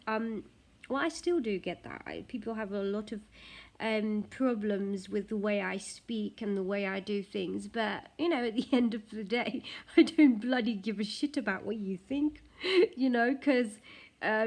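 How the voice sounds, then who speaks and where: Chatty woman vlogger, filler-heavy talk. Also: fairly high pitch. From Nepal. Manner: chatty, heavy use of "like" and "you know"; switches between languages mid-sentence. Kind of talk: casual chat to camera.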